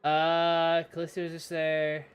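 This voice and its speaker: A man's voice: fairly high pitch, monotone, a little slow, clean tone. A man from Wisconsin narrating as game master in a casual, sweary way. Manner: casual, swearing, jumps between character voices.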